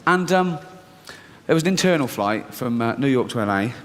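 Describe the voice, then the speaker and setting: A man's voice: medium pitch, animated, normal speed, in a large hall. A man performing a stand-up comedy routine, telling stories sardonically, mocking his own fears and swearing freely.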